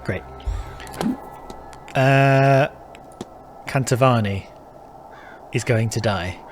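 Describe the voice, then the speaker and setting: A man's voice: medium pitch, drawn-out words, faint music behind. A man hosting a casual let's-play, thinking aloud, muttering and swearing as he plays. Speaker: gaming channel host.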